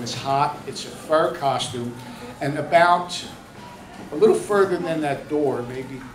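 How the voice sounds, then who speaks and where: A middle-aged man with a fairly high voice tells a personal story to a room of listeners, wandering through fillers and restarts. He is caught from a distance in a reverberant hall. Noise hums behind him. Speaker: charity founder giving a speech. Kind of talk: personal story told to an audience. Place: event room with an audience. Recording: echoey room from far off, with noise.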